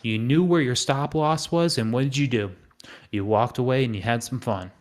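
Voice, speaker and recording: A man's voice: medium pitch, normal speed. A man hosting a live trading stream, talking casually and acting out panicked traders' thoughts. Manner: animated, acts out panicked inner voices.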